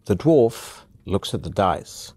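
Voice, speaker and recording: Male narrator for a fantasy video game: scripted second-person telling, calm and measured, very low and dark, with a dry close sound. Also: husky, no room sound.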